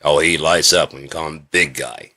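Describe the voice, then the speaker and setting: A man's voice: extremely low pitch, fairly even intonation, moderate pace, bright, forceful tone. A man talking in a rambling, swearing monologue, coughing often and acting out quoted voices. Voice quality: frequent coughing. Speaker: video creator.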